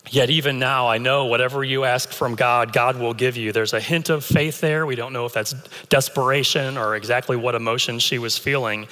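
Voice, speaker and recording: A man's voice: medium pitch, steady tone, brisk, few pauses, bright, forceful tone. A male pastor giving an earnest sermon, reading scripture aloud and explaining it. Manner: earnest, reads scripture aloud between remarks. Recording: long hall reverb.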